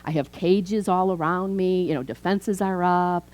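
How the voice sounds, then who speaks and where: A woman in her fifties, a minister, preaching a chatty, animated sermon in a church. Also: fairly low pitch, measured pace, poor audio. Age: 50s. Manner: animated, chatty, acts out quoted voices. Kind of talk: conversational sermon.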